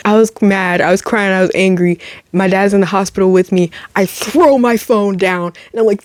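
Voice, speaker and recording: Young woman spilling a wild story to camera, super animated, dry close sound. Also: mid-range voice, no echo. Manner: animated, dramatic, quick asides and laughter. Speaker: vlogger.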